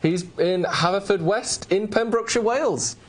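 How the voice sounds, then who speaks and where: A man's voice: sits high, moderate pace, a little hiss or hum. A man co-hosting a podcast, joking playfully in casual chat and filling his talk with "like". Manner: playful, jokey, many "like" fillers. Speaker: podcast co-host.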